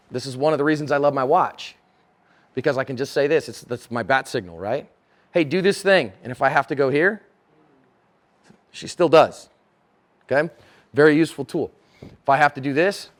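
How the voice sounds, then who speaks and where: A middle-aged man with a somewhat high voice teaching a room. He talks in a loose, conversational way and slips into little acted exchanges to show his point. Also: a bit bright. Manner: conversational, acts out dialogue in character voices. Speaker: self-defense instructor. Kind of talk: conference lecture.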